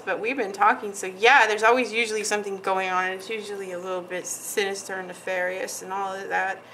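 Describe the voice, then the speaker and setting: A woman's voice: mid-range voice, sharp tone, slight background noise, low-quality recording. A woman hosting a nail art tutorial, chatting casually and giggling as she paints, often trailing off mid-sentence while she concentrates. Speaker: nail artist, channel host.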